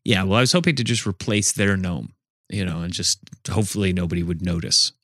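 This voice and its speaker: Deadpan low-voiced man spinning absurd stories. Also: a little fast, no echo, studio quality. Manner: deadpan, telling absurd made-up stories straight-faced. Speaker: podcast co-host. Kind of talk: casual improvised comedy chat.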